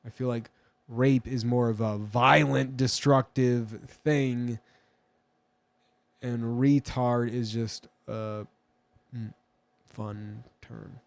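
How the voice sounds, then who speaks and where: A man's voice: medium pitch, fairly even intonation, slow pace, creaky, pauses often, no room sound. A man rambling through a crude, joking, meandering casual monologue as a vlogger.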